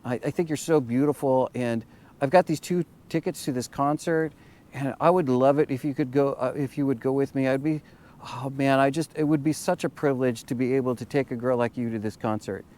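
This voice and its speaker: A man voicing a bold young male coworker with earnest, halting sweet talk. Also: medium pitch, a little mellow, lightly acted. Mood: flattering.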